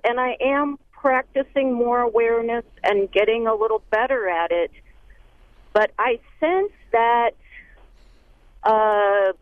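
Slow, hesitant caller on a tinny phone. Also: male voice, high-pitched, no room sound. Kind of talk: call-in radio question.

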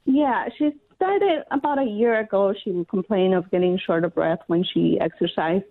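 A woman calling a radio show about her daughter, speaking hesitantly with many pauses. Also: medium pitch, no echo. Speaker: caller. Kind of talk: radio call-in question. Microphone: phone line. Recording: tinny phone line.

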